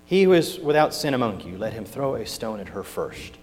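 Preacher with folksy emphatic delivery. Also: male voice, lowish voice, very animated, a little fast, slight background noise. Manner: swings from hushed scripture reading to loud emphatic points; folksy turns of phrase. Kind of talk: sermon. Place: church sanctuary. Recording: long hall reverb.

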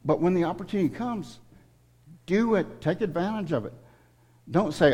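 Middle-aged guy preaching, kinda high voice, earnest and emotional, long church echo. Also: animated, normal speed, long pauses, a little mellow. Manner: earnest, emotional, direct appeals to the congregation. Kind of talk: sermon. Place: church sanctuary. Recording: long hall reverb.

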